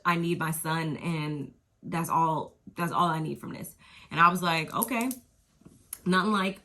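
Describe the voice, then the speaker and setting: A woman's voice: mid-range voice, bright, forceful tone. A woman casually recapping a reality TV episode in a chatty, slangy way, laughing and acting out her own reactions.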